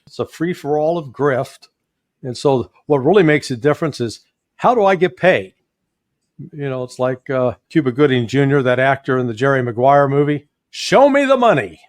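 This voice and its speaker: A man's voice: mid-range voice, moderate pace, dry recording, studio quality. A man with a Midwestern American accent, a guest commentator with a folksy, sardonic manner and frequent chuckles.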